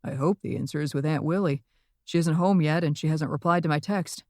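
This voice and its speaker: A terse male police chief speaking in clipped, flat lines, as a woman narrator reads him. His voice sits slightly low, and the reading is close and dry. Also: fairly quick, no echo. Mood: worried.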